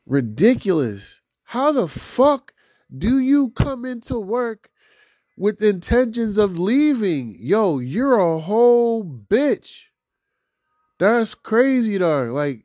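A young man hosting a solo rant podcast, talking in a lively, profane way that jumps from high outbursts to low grumbles. His voice sits a bit high for a man. The recording is dry and a little dull, like a cheap home mic. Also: slow pace, no echo. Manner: animated, profane, swings from loud outbursts to low mutters. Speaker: podcast host.

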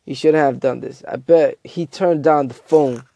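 A man hosting a casual show, telling a comedic story in a rambling, animated way and acting out quotes. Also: fairly high pitch, measured pace, dull audio. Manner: animated, acts out quotes, self-interrupting. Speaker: host.

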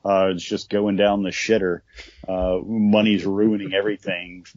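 A man's voice: low voice, measured pace, highs cut off. A man co-hosting a podcast, chatting casually about college football with many fillers and restarts. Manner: relaxed, conversational, with many fillers. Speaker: podcast co-host. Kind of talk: casual sports chat.

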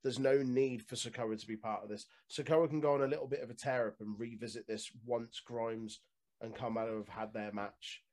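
A man's voice: medium pitch, steady tone, fairly quick, a little mellow. A man co-hosting a podcast in casual, opinionated chat, swearing freely. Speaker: podcast co-host.

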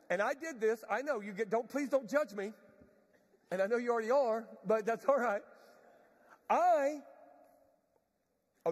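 Man preaching, very high husky voice, self-mocking storyteller, long hall reverb. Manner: animated, self-mocking, laughs often. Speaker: pastor. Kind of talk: storytelling sermon.

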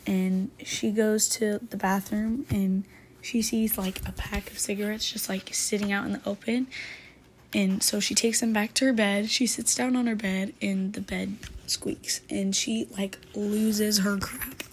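Woman hosting a casual book chat, filler-heavy retelling, mid-pitched with vocal fry. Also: little pitch movement, a little slow, a little hiss or hum. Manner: chatty, filler-heavy, says "like" constantly. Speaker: book talk host.

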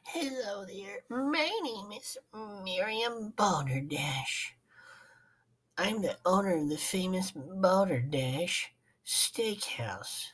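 A woman voicing a slow, breathy woman steakhouse owner in a mock ad. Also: mid-range voice, animated, a bit bright, heavily acted. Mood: sultry. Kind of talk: mock advertisement.

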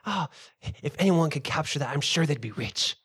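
A man voicing an excitable gossiping male villager, talking eagerly in a very high voice. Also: normal speed, breathy edge, full character voice. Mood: excited.

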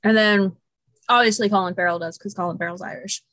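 A woman co-hosting a podcast in casual chat, talkative and quick to laugh. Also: medium pitch, steady tone, fairly bright tone, no echo. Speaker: podcast co-host.

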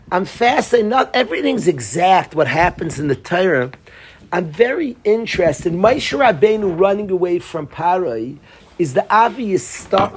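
A man's voice: high-pitched, slight background noise. A man teaching a Torah class, telling a story and quizzing his students by name.

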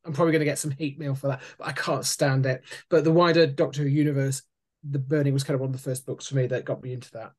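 A man's voice: mid-range voice, flat delivery, fast talker, darkish tone. A man on a podcast candidly sharing memories of the books he read. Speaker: podcast co-host. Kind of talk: casual book discussion.

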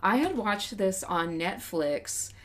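A woman's voice: mid-range voice, animated, slow pace, a bit bright, slight background noise. A woman from West Texas co-hosting a podcast, chatting candidly and poking fun at herself. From West Texas, USA. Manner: chatty, candid and self-mocking. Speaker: podcast co-host. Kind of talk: casual chat.

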